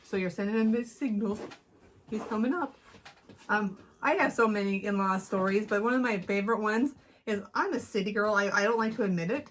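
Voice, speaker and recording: A middle-aged woman from Wyoming co-hosting a casual chat show, telling a story in a relaxed, hesitant way with deadpan quotes. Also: medium pitch, brisk, slight background noise. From Wyoming, USA. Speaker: co-host.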